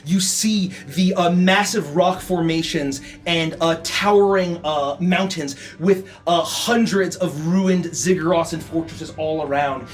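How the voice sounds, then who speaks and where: A man narrating a tabletop game as game master, with frequent ums and restarts. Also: sits high.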